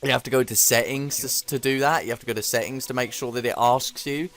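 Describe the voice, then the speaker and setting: A man's voice: medium pitch, fairly even intonation, fast talker, fairly bright tone. A man chatting casually during a game session, rambling, swearing freely and laughing often. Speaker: gamer co-host. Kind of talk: casual chat while gaming.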